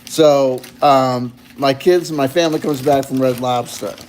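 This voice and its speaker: A man vlogging in casual chat, rambling and animated, full of fillers. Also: mid-range voice, a little slow, a little hiss or hum.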